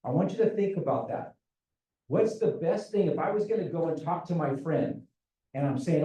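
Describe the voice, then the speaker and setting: A man's voice: on the high side, lively intonation, normal speed, long pauses, dark tone. A man presenting to parents at a school meeting, earnest and repetitive, often asking rhetorical questions. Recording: echoey room, speaker far from mic.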